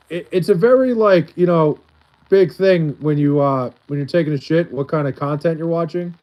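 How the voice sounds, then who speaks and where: A man's voice: a little high, moderate pace, highs cut off. Long Island guy rambling on a livestream. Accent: Long Island New York. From Long Island, New York. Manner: rambling, heavy use of "like" and restarts. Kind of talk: casual livestream chat, reading chat aloud.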